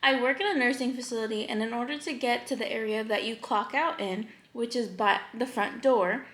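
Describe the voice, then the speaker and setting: A young woman hosts a casual eating vlog, talking in a bubbly, chatty way and laughing often. Her voice sits a little high, and the room around her is noticeably echoey. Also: a little fast, fairly bright tone. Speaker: YouTuber. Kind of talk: mukbang vlog chat.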